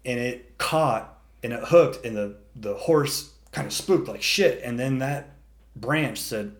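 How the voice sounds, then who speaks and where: A man with an ordinary mid-pitched voice spins a long, animated yarn. He swears freely and slips into voices for the animals he describes. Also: takes it slowly. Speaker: storyteller. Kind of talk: casual podcast chat.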